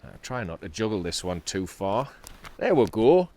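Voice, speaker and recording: With a warm, sing-song voice pitched fairly low, this middle-aged Geordie man from North East England offers casual commentary on his sea fishing from a kayak. As the channel's host, he keeps it cheerful and chatty at a moderate pace, laughing and exclaiming along the way.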